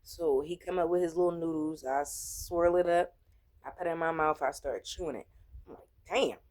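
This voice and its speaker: A mother telling her own story in casual vlog style, blunt and animated, swearing freely. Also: deep voice, normal speed.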